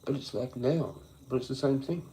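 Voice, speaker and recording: A man's voice: medium pitch, normal speed, warm tone, a little hiss or hum, poor audio. A young man ranting on a livestream, swearing a lot and circling through frustrated philosophical thoughts. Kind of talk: rambling late-night livestream rant.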